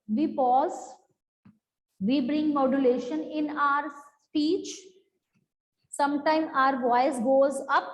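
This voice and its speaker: Woman teacher, high voice, unhurried explanatory delivery, echoey hall-like sound. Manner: slow, explanatory, drawn-out words. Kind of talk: online class teaching.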